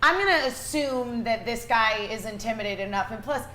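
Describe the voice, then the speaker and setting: Woman, tabletop player, upbeat, high voice, roomy sound. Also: fairly quick, sharp tone, a little hiss or hum. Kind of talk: tabletop role-play.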